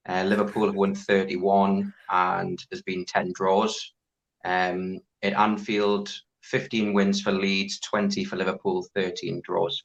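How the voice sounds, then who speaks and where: A man reading out football statistics on a podcast in a methodical, steady way, with frequent pauses and ums. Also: deep voice. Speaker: stats co-host. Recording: dull lo-fi audio.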